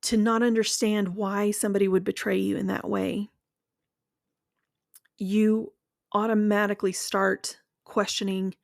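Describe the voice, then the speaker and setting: A woman speaking in a slow, measured, earnest reflective monologue, walking the listener through guided imagery and then sharing her own experience. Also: medium pitch, flat delivery, creaky, a little mellow, no echo, clean studio sound.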